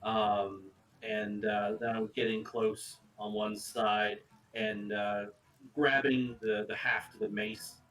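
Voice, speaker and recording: A man playing a tabletop game who describes his character's moves in a halting way, full of fillers and restarts. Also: fairly low pitch, flat delivery, a bit bright, distant mic, low-quality recording. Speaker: player.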